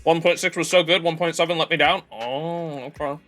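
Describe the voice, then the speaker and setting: A man's voice: on the high side, steady tone, fairly quick, a bit bright, soft background music. A young man streaming a game, rambling casually with lots of swearing and fillers. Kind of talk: live game commentary.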